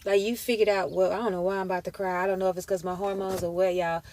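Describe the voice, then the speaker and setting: A woman's voice: fairly low pitch, little pitch movement, fast talker, a little mellow, no echo. Emotional, slangy woman reading tarot. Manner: emotional, emphatic, slangy, addresses viewers as y'all. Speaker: tarot reader. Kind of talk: casual tarot reading to viewers.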